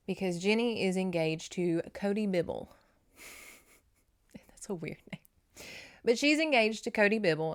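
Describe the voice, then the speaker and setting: A woman from North Louisiana with a Southern accent, chatting through a book recap as a podcast host, full of tangents and emotional asides. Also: medium pitch.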